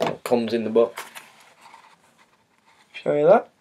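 A man's voice: mid-range voice, expressive, slow, warm tone, slight background noise. A man chatting casually and hesitantly as he unboxes and shows a new book, with many fillers and restarts. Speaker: vlogger.

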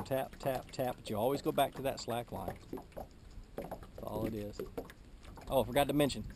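A relaxed, chatty man explains his technique while he fishes from a boat on open water. He talks to a camera mic that he moves around as he works. Clear boat and water noise runs under his voice. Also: mid-range voice. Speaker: fishing instructor. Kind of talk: casual how-to demonstration. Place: on a boat on a lake, outdoors. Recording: outdoor camera audio with noise.

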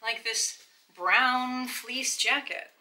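A woman with a very bright, fairly high voice hosts a casual try-on video. She talks to the viewer in a chatty, enthusiastic way, explaining as she goes. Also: very slow, slight background noise, low-quality recording. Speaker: fashion vlogger. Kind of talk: casual try-on vlog to camera.

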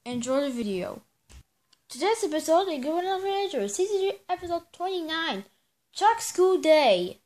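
A woman's voice: sits high, lively intonation, unhurried, a bit bright. A woman narrating a homemade fan story in a casual, rambling way, often stumbling over her words. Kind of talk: casual storytelling with character voices.

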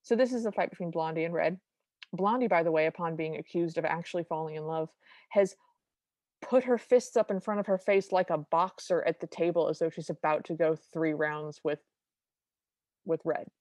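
A woman's voice: low-pitched, normal speed, darkish tone, no echo. A woman co-hosting a podcast, recapping a cartoon in a wry, detailed, opinionated way. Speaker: podcast co-host. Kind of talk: casual chat recapping a film.

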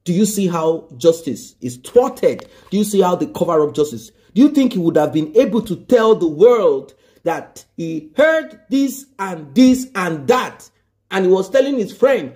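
A man's voice: a little high, warm tone. A man giving emphatic news commentary, stressing points by repeating them and asking rhetorical questions.

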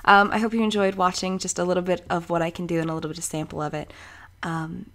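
A woman's voice: on the low side, little pitch movement, quick pace, a bit bright. A woman in her twenties from Maryland, a voice actor chatting casually about herself in a vlog introduction. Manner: chatty, playful, often slips into put-on voices.

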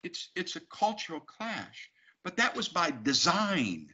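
A man's voice: sits high, wildly swooping pitch, unhurried, bright, forceful tone. A man, an actor, talking emphatically and animatedly as an interview guest. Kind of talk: casual interview talk. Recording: dull lo-fi sound.

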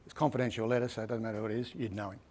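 A man's voice: lowish voice, flat delivery, very fast, a little mellow, a little hiss or hum. A middle-aged man with an Australian accent, giving a casual, rambling book talk that is full of stories and tags like "right?". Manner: chatty, repeats "right?" often, rambling with restarts. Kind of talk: casual storytelling presentation.

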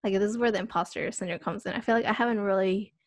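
A woman's voice: medium pitch, rapid-fire, no room sound. A young woman hosting a podcast, talking hesitantly with many fillers and self-corrections. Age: young adult. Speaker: podcast host. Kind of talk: casual podcast chat.

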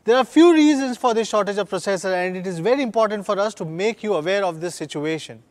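A man's voice: high-pitched, lively intonation, fast, darkish tone. A man, a company executive delivering an earnest, upbeat scripted keynote at a product launch.

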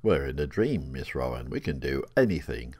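A man voicing a gentle, kindly male rocking horse who speaks in a steady, reassuring way. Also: a bass voice, normal speed, husky, no room sound, exaggerated voice.

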